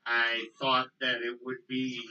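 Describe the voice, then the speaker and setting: A man co-hosting a casual podcast chat, choking up and pausing often with ums. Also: medium pitch, monotone, sharp tone, far from the mic, lo-fi sound. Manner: choked up, halting with many ums. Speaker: podcast co-host.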